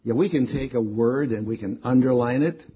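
A man's voice: medium pitch, moderate pace, husky, highs cut off. A man preaching a sermon, stressing key words again and again with rising emphasis.

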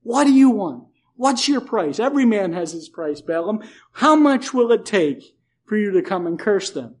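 A man's voice: sits high, sing-song, normal speed. Man playing a wheedling scheming old king. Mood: coaxing. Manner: wheedling, persuasive. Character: scheming ancient king bargaining with a prophet.

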